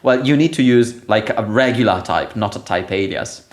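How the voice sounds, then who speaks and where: A man's voice: fairly low pitch, moderate pace. A man talking as a podcast guest about programming, laughing often and restarting sentences with many fillers. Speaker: guest, programming language developer. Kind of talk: casual technical conversation.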